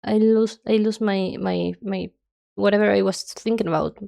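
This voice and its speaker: A woman's voice: medium pitch, steady tone, moderate pace, vocal fry, mellow. A young woman streamer chatting casually and rambling nonstop while she draws, her nose stuffy. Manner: rambling, chatty, self-described yapping.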